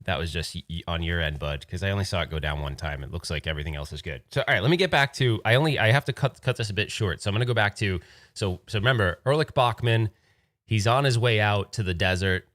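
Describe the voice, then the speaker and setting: A man's voice: on the low side, fairly bright tone. A man from Rhode Island hosting a casual livestream chat, telling rambling, digressive stories. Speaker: host.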